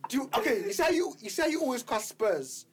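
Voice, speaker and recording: A man on a football podcast, excitable and slangy, laughing as he argues. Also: extremely high pitch, brisk, very noisy. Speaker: podcast co-host. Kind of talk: casual football podcast chat.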